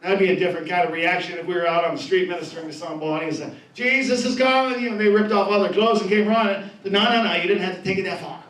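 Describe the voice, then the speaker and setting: A man's voice: sits high, flat delivery, rapid-fire, hardly any pauses, fairly bright tone. A pastor preaching a sermon, reading scripture and then driving his points home by repeating key phrases with emphasis. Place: church. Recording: echoey room, voice from a distance.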